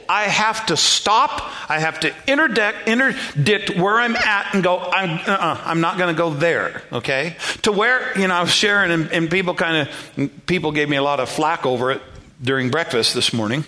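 A man's voice: high-pitched, lively intonation, normal speed, sharp tone. A middle-aged male pastor preaching a sermon in a conversational, self-deprecating way, calling on the congregation to repeat words and respond.

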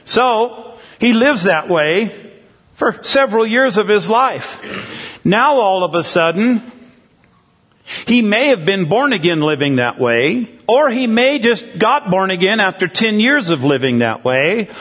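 A man's voice: sits high, very animated, unhurried, fairly bright tone, big-room sound. A man preaching a sermon in a conversational way, often checking in with the congregation through questions. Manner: conversational, asks the crowd questions. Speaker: pastor.

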